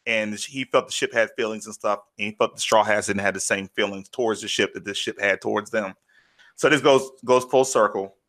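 Bright-voiced man, excited casual chat. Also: on the low side, a little fast. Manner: animated, retells scenes with acted quotes. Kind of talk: casual chat recapping an anime.

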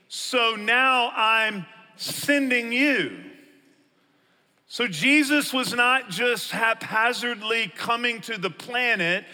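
A man's voice: high voice, pushed and bright, in a large hall. A man, a pastor preaching a conversational sermon and acting out his listeners' objections.

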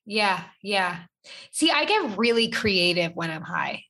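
Bright-voiced chatty woman. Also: medium pitch, sing-song, a little slow. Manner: chatty, rambling with many fillers. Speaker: guest. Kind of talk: casual chat.

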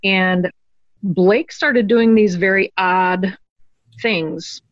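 A woman's voice: mid-range voice, extremely slow, no room sound. An earnest woman tells a personal story and acts out the people she quotes. Her voice sits in the middle of the range. The recording is dull and lo-fi, and dry. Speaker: interview guest.

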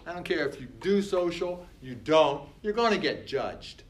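A man's voice: a little high, big pitch swings, a little slow. A man speaking as a coach in a motivational talk. He is emphatic and repetitive, and he acts out other people's words.

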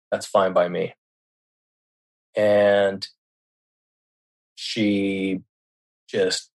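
A man telling a personal story in casual speech, often stopping to repeat words or restart a sentence, with a louder voice when quoting others and a very soft one for soothing lines. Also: on the low side. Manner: quotes others in a raised voice and drops very quiet for soothing lines.

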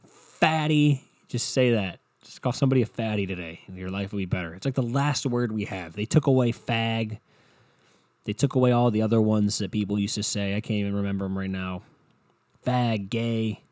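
A man's voice: on the low side, steady tone, a little fast, darkish tone, no room sound. A man co-hosting a podcast, telling a rambling, self-mocking story in casual talk, swearing constantly. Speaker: podcast co-host. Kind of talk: casual profane storytelling rant.

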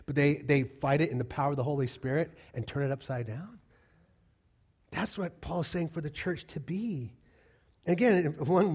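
Animated preacher man with a high voice. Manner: animated, rhetorical questions, swings between loud emphasis and quiet low asides. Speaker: pastor. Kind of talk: sermon.

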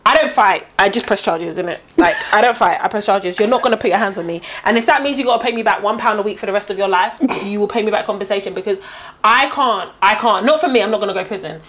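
Animated young woman telling stories. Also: medium pitch, fast talker, a little hiss or hum. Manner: animated storytelling, acts out quotes. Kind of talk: casual chat.

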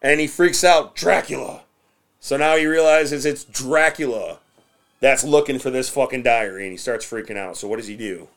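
A man's voice: mid-range voice, normal speed. A man hosting a podcast, casually recapping a film with lots of swearing and silly acted-out bits of dialogue. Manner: crude, rambling, acts out scenes in silly voices. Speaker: podcast host. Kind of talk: casual movie recap with profanity.

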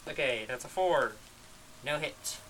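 A man's voice: a little high, lively intonation, measured pace, a bit bright, slight background noise, poor audio. A man running a tabletop game as game master, chatty and full of jokes and puns. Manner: joking, chatty, breezy.

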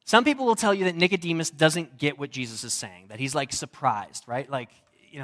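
A young man preaches with a slightly high voice. His sermon is relaxed and chatty, with humor woven in. He is a pastor talking to his congregation. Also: brisk, hardly any pauses. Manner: conversational and humorous, varied delivery.

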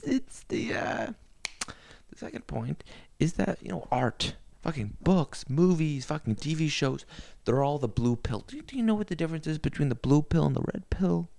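A man ranting solo into his laptop in a crude, rambling way. He swears constantly, and his voice is strongly gravelly with plenty of vocal fry. His pitch jumps around a lot, and the recording sounds close and dry. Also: lively intonation, moderate pace, dark tone, dry recording. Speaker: podcaster. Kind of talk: profane solo rant. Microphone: laptop mic.

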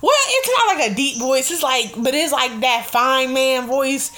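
A young woman hosting a casual radio show, chatting in an animated, excitable way and laughing often. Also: high voice, unhurried. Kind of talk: casual chat.

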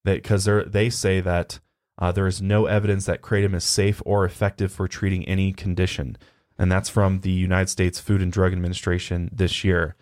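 A man co-hosting a podcast in a relaxed, rambling way, full of "you know" and "um". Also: low-pitched, normal speed. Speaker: podcast co-host. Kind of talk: casual podcast chat.

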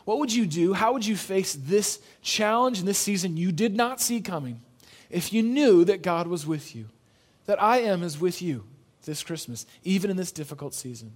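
A pastor preaching a sermon in an earnest, conversational way, telling a story and repeating phrases for emphasis. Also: male voice, high voice, animated, moderate pace, few pauses. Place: church.

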